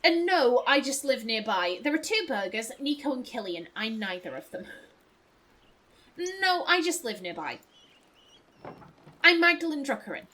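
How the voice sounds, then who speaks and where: A woman's voice: a little high, very animated, moderate pace, long pauses, bright, forceful tone, heavily acted. A woman reading the lines of a practical young woman printer from a narrative game in a plain, matter-of-fact way.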